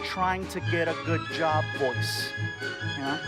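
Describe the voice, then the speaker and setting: High-voiced animated stand-up comedian man. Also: unhurried, music in the background. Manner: animated storytelling, switches into put-on voices.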